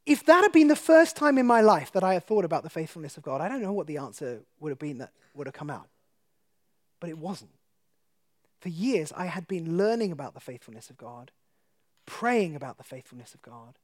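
A man with a notably high-pitched voice tells a personal testimony to an audience. He is animated and laughs easily. He turns quiet and low when the story grows tense. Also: a little fast. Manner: animated storyteller who laughs often and drops to a hush for tense moments. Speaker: guest speaker.

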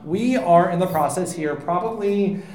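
A man's voice: high-pitched, moderate pace, a crowd in the background. Joking man hosting a live panel in an echoey hall. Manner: rambling, joking, many fillers. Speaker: podcast co-host. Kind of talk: live podcast panel chat. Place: convention panel room. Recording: echoey convention room.

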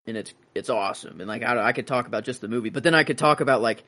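A man's voice: mid-range voice, racing, sharp tone. A young man co-hosting a casual film podcast, laid-back and hesitant, swearing and mimicking characters. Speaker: podcast co-host.

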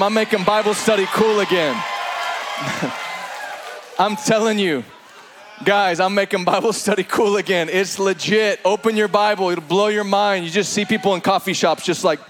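A man preaching an energetic sermon to a congregation, animated and playful, with laughing asides. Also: high voice, moderate pace.

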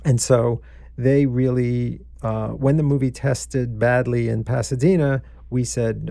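Gravelly man, easygoing storyteller. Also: mid-range voice, fairly even intonation, measured pace, mellow, no room sound, studio quality. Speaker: film producer. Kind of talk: casual conversation about filmmaking.

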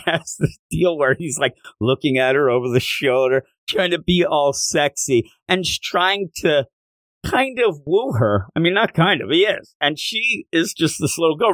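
A man hosting a podcast, recapping a manga chapter and acting out the characters' lines in animated storytelling. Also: on the high side, dry recording, studio quality. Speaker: podcast host.

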